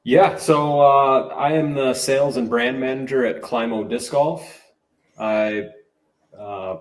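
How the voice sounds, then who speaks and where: A man speaking as a podcast guest over a video call, relaxed and joking. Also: on the low side, echoey room. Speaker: guest, disc golf brand manager. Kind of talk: casual podcast chat.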